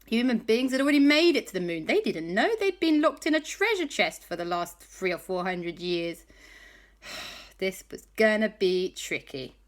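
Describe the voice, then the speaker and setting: A woman's voice: medium pitch, animated, moderate pace. A woman telling an improvised children's story in a chatty, playful way.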